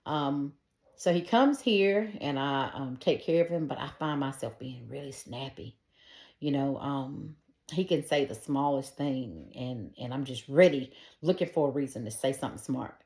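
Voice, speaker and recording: A middle-aged woman with a low, deep voice shares her faith testimony in a casual, earnest way, talking directly to her listeners. She sounds like she is in an echoey room. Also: normal speed, a little mellow. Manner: earnest and conversational, talks straight to her listeners.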